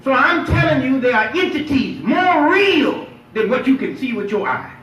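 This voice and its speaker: High-voiced preaching man in an echoey hall. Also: moderate pace, a little hiss or hum. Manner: lively call-and-response preaching, playful and emphatic. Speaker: imam. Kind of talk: Friday sermon. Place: mosque prayer hall. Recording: echoey hall, picked up from far off.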